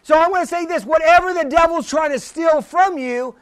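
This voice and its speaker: Speaking fairly quickly in a very high voice, a preacher gives a fervent sermon, calling on the congregation to respond and repeating his key phrases.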